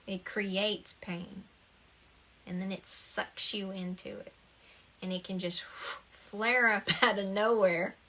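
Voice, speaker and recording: A middle-aged woman in an informal talk on self-help, earnest and reassuring. She speaks at an ordinary mid pitch, circles back over her phrases, and keeps a light, encouraging tone. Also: fairly bright tone. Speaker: spiritual talk host.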